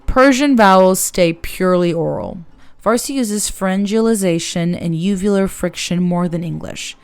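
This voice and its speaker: Woman, accent coach, lowish voice, smooth and clear, calm, measured lesson delivery. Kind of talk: explanatory lesson narration.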